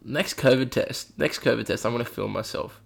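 A man co-hosts a casual podcast chat, swearing freely and telling anecdotes with quoted voices. His mid-range voice is brisk and gravelly.

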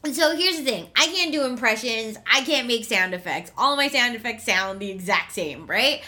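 High-voiced, animated young woman storyteller. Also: normal speed. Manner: animated storyteller who acts out quotes and laughs often. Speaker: podcast co-host. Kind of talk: casual chat.

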